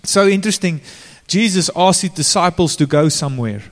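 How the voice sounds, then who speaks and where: In a big hall with a long echo, a man delivers an informal sermon and puts direct questions to the congregation. His voice is high-pitched, lively and quick.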